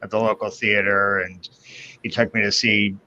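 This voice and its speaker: A man's voice: lowish voice, little pitch movement, moderate pace, bright, forceful tone, slight background noise. A Canadian man in his fifties, telling a long personal story in casual chat as a guest. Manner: rambling anecdotal storyteller, quotes others in voices. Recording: dull lo-fi sound.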